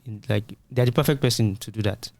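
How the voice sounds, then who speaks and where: Low-voiced man explaining on a podcast. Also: brisk, darkish tone, dry recording. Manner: explanatory, uses everyday analogies. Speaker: podcast co-host. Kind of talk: casual tech discussion.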